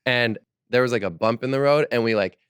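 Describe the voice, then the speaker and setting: A young man in his twenties, a musician guest, telling car stories in a relaxed, animated way. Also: mid-range voice, fairly quick, smooth, no room sound, clean studio sound. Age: 20s. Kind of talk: casual storytelling in conversation.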